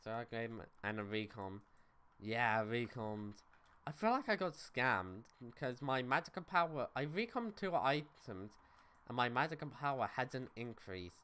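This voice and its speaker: Here a young gamer livestreams with a bright, forceful, smooth medium-pitched voice, animated and moderately paced. Loose and offhand, he reads chat out loud, answers viewers, and curses without a second thought.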